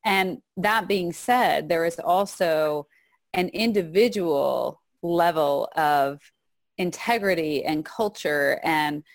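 A woman's voice: deep voice, slow pace, no room sound, clean studio sound. A woman co-hosting a podcast, speaking in a thoughtful, reflective way. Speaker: podcast co-host. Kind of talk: casual podcast chat.

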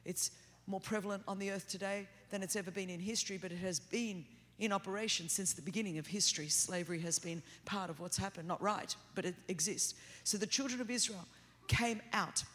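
A middle-aged woman with an Australian accent, preaching a sermon as a guest in a church, talking hard, fast and without pause. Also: mid-range voice. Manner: fast, energetic, continuous delivery. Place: large church auditorium. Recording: long hall reverb.

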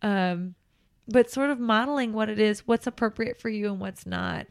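A woman who works as a nanny chats on a casual podcast, giving earnest advice with frequent ums and laughs. Her voice is mid-range and smooth, at a moderate pace.

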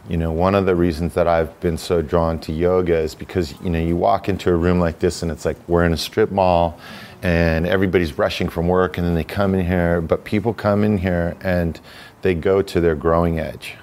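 A man's voice: low voice, darkish tone. A man talking as a podcast guest, telling personal stories in a reflective, casual way, often restarting sentences and saying "you know". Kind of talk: casual conversational storytelling.

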